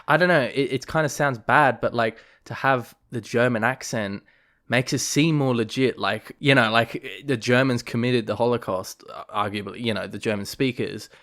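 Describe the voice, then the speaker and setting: A man's voice: medium pitch, normal speed, a bit bright. A man co-hosting a podcast, chatting casually about a film, rambling with fillers and restarts. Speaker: podcast co-host.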